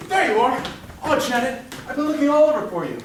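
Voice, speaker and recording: A man's voice: extremely high pitch, sing-song, fast talker, background noise. A man playing a smitten, pleading young groom. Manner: bright, crooning, earnestly pleading. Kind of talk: stage musical performance. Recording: distant echoey stage with music.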